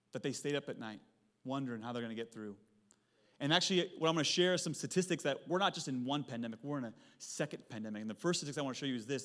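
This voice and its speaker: Man, thirties, pastor preaching, animated storytelling, fairly high voice, long hall reverb. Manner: animated storytelling, swings from loud to hushed. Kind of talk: sermon. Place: church sanctuary.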